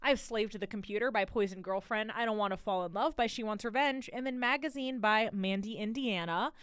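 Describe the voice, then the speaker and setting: Young woman, radio DJ, rambling casual chat, smooth voice, dry studio sound. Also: mid-range voice, fairly quick, a bit bright, no room sound. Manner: chatty, rambling, laughs between stories. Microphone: studio mic.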